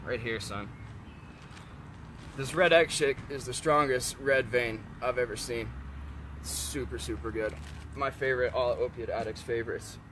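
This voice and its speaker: A man in a casual, blunt rant to camera, swearing often and turning loud when heated. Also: mid-range voice, normal speed, long pauses, background noise. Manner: profane, blunt, frequent swearing. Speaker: vlogger selling kratom.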